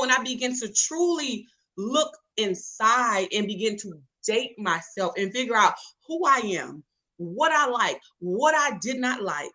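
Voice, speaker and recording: A woman's voice: a little high, pushed and bright, rough recording. A woman, an interview guest telling her story in an emphatic, preacherly way and calling out to listeners. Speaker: interview guest, catering business owner. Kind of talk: testimony-style storytelling.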